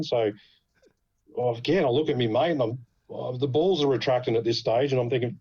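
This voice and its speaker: Australian male guest, animated storyteller, mid pitch, muffled recording. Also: brisk, slightly rough. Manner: animated, swears freely. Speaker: podcast guest. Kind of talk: casual storytelling.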